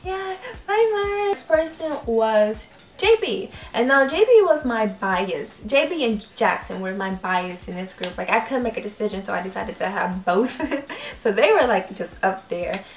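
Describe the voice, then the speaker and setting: A young woman vlogger telling a story in a casual, animated way, acting out voices and laughing often. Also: mid-range voice, moderate pace, echoey room. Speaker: YouTube vlogger.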